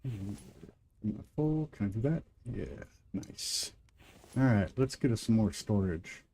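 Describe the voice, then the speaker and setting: His voice is fairly low, warm and creaky, expressive and unhurried. He's a livestream gamer host from the American Midwest, speaking with a Midwestern twang as he chats casually with viewers and rambles between game moves.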